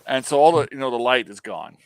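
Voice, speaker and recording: A man hosting a casual review chat, animated and ranting, swearing freely. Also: medium pitch, fast, vocal fry, no room sound. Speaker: host.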